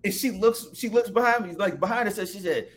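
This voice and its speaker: A man telling a story in casual chat, animated and profane, often laughing. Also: high voice, brisk.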